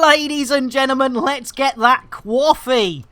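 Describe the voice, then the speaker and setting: Lady streaming a game, higher voice, slow easy talk, chatty and shouty with chat. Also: faint music behind. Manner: chatty, exclamatory, greets and thanks viewers. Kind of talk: casual live-stream chat.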